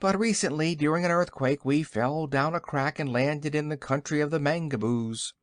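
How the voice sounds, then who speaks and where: A man voicing a sober, courteous old wizard in a storybook reading, a bit lower than his narration. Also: moderate pace, dry recording, studio quality, close to an everyday voice. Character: sober, polite elderly male wizard.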